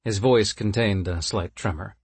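A man narrates a story in a measured, steady way. His voice is fairly low and husky. The recording is close and dry, with no room sound. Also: dry recording.

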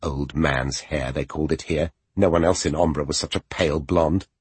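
A man reading an audiobook as its narrator, in expressive, measured storytelling. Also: rumbling low, husky, dry recording.

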